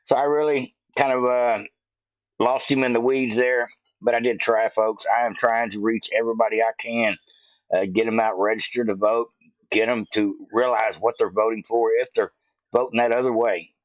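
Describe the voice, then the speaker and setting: A man's voice: mid-range voice, fairly even intonation, normal speed, dry recording. A man talks to his viewers in a loose, rambling way, full of "uh" fillers. His voice sits in a middle range, recorded close and dry through a slightly dull mic. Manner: folksy, rambling, many "uh" fillers. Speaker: political commentary channel host. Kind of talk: casual chat to viewers.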